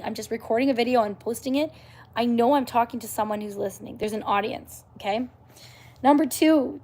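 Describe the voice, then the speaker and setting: A woman's voice: on the high side, darkish tone. A woman from Canada chatting casually to viewers on her live stream, upbeat and encouraging, with many fillers and restarts. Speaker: YouTuber hosting a live stream.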